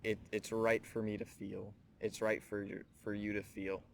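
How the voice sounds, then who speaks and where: This man hosts a Bible teaching show, speaking earnestly and reflectively straight to the listener. His voice is fairly low with flat delivery and vocal fry, at normal speed, and there's a little hiss or hum.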